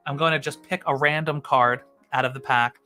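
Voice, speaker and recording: A man's voice: mid-range voice, fairly even intonation, fairly quick, pushed and bright, faint music behind. A man hosting a comedy stream, chatting casually to camera in a rambling, self-mocking way and laughing often.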